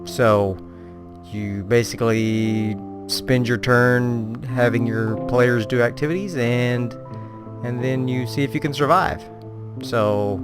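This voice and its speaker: A man giving casual, playful, self-mocking commentary on a video game. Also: mid-range voice. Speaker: let's play gamer.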